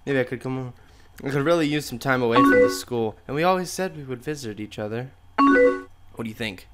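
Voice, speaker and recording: A man reading aloud the chat messages of a sad young woman confiding in a friend, speaking softly and a little higher. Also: fairly quick, natural voice. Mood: hopeful. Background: loud background music and keyboard typing.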